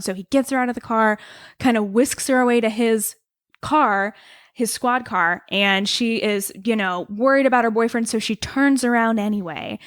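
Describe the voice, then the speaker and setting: A woman co-hosting a podcast, spinning a story in casual chat full of quick asides and giggles. Her voice sits a touch high. The sound is dry and close. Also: fairly bright tone, smooth, dry recording. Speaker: podcast co-host.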